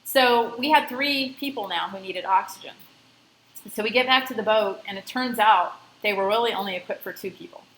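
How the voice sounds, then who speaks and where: A woman's voice: medium pitch, brisk, a bit bright, reverberant, rough recording. A woman scuba instructor lecturing a class, telling a personal story in a conversational way and stressing safety. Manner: conversational, emphatic about safety.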